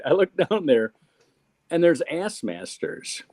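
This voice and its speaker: A man's voice: fairly high pitch, big pitch swings, a little slow, a little mellow, no echo. An older man, a comedian, telling a story in casual chat and laughing through his own punchlines. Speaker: comedian guest.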